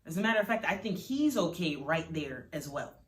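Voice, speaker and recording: A hurt teenage girl whose words come out dry and cutting, as a woman narrator puts her on. The voice sits low. It sounds roomy and distant from the mic. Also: sing-song, fairly quick. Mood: sarcastic. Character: sarcastic, hurt teenage daughter.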